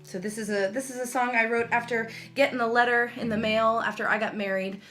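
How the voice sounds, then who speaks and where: A woman's voice: on the high side, steady tone, brisk, a bit bright, soft background music. A woman chatting casually on a livestream video call, bubbly and full of fillers and little laughs. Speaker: singer-songwriter host.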